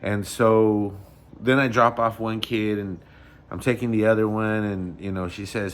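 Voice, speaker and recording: A man from Michoacán, Mexico, vlogging and telling a story in a casual, animated and conversational way, often correcting himself as he goes. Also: lowish voice, unhurried.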